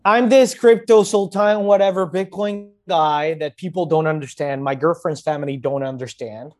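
A man's voice: fairly high pitch, moderate pace. A man in casual conversation who tells stories with frequent laughter and hypothetical asides. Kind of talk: casual chat.

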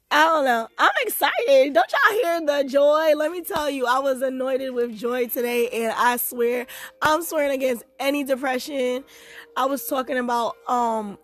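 A young woman hosting her own podcast, talking casually and animatedly to her listeners about her life, dating and faith. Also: on the high side. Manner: chatty, animated, giggly, addresses listeners as "y'all". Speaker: podcast host. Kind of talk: casual personal talk to listeners.

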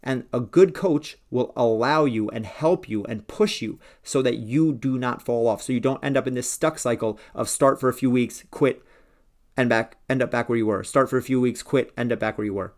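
A man's voice: medium pitch, moderate pace. A man hosting a solo podcast, speaking in an earnest, persuasive way about working with a coach. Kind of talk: solo motivational podcast talk.

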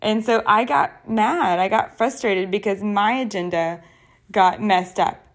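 Woman, young adult, podcast host, earnest, personal, chatty solo talk, mid-pitched voice. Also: a little slow.

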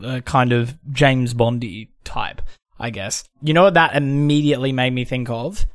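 A man's voice: medium pitch, moderate pace, no echo, clean studio sound. A man co-hosting a casual film podcast, talking animatedly, swearing freely and laughing often. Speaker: podcast co-host.

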